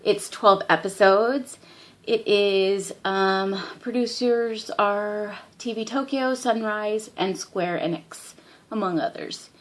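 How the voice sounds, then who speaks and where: A woman's voice: medium pitch, slow pace. Giggly young woman reviewing anime. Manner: excitable, giggly, lots of "like" fillers. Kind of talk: casual vlog review.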